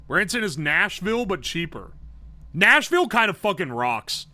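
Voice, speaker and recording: A man's voice: high voice, big pitch swings, moderate pace, pushed and bright. A man streaming live and chatting casually, rambling, swearing often, laughing a lot and humming tunes.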